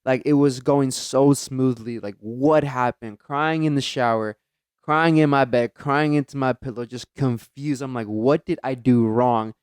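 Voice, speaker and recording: Young male podcast co-host, earnest animated storyteller, smooth voice, dry sound. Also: mid-range voice, measured pace, dry recording. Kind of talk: casual chat.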